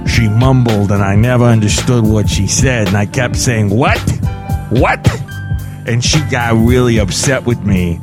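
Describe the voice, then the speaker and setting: A man's voice: mid-range voice, unhurried, over loud music, lightly acted. A man playing Valentino the Pocket Thing, a sidekick in a comedy podcast skit. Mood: plain.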